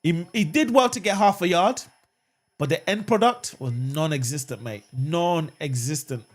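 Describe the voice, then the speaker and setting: A man's voice: on the high side, moderate pace. A man hosting a live watchalong of a football match, chatting with viewers and erupting at the referee. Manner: animated, swings between calm chat and outraged shouting at the referee; reads and answers viewer comments. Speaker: fan channel host.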